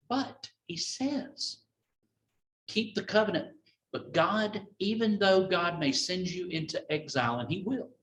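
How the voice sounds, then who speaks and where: Folksy man teaching Bible study. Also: mid-range voice. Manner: folksy, conversational, retells scripture with dramatic quoted voices. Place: church room with a group. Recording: echoey room, mic at a distance.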